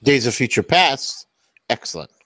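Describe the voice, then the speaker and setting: A man's voice: mid-range voice, big pitch swings, normal speed, a bit bright, no room sound. A man co-hosting a casual podcast, giving short agreeing replies and dry quips. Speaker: podcast co-host. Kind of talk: casual round-table chat.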